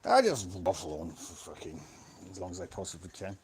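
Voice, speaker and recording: A man's voice: deep voice, very animated, moderate pace, a little mellow, a little hiss or hum. A man rambling through a live stream monologue in a sweary, self-mocking way, talking close into a phone. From Scotland. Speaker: vlogger. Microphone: phone held close to the mouth.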